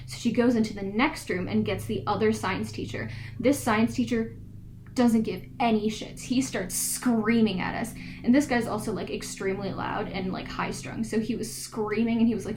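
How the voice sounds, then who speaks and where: A woman's voice: fairly high pitch, moderate pace, slight background noise, poor audio. A teenage girl telling school stories in a casual podcast chat, acting out the people in them. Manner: animated storytelling, acts out the people in her stories. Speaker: podcast co-host.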